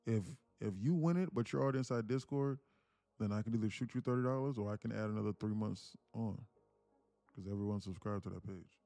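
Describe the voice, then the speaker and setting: A man's voice: lowish voice, fast, creaky, warm tone, dry recording, faint music behind. A man hosting a trading live stream in a loose, casual way, often repeating himself and restarting phrases as he reads the chat. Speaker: livestream trading host.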